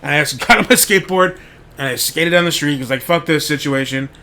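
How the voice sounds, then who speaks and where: A fairly quick man with a fairly high, pushed and bright voice hosts a podcast. His monologue is a loose, rambling story, crowded with "like" and plenty of swearing.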